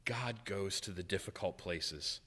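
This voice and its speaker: A man's voice: low voice, measured pace, husky. Preaching man in an echoing hall. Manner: conversational, joking, dramatic swings from loud to hushed. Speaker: pastor. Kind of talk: sermon.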